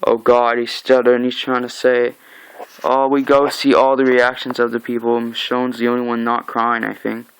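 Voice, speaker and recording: A man recapping a comic book in casual talk, reading its lines aloud in an animated way. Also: mid-range voice, normal speed, clear, resonant tone, rough recording. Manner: animated, acts out lines with mock shouts.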